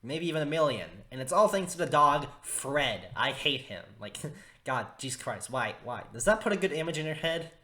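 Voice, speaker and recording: A man's voice: on the high side, animated, normal speed, sharp tone. Rambling young man ranting in disgust. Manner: rambling, exaggerated disgust, many fillers and restarts. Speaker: video reviewer. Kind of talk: casual opinion review.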